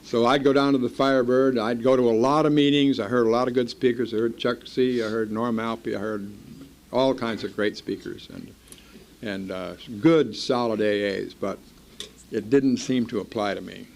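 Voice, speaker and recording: A man's voice: medium pitch, fairly even intonation, normal speed, creaky, a little hiss or hum. An older man from Iowa telling his own story to a meeting in a blunt, wry, self-mocking way. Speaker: speaker at a recovery meeting. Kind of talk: personal storytelling talk.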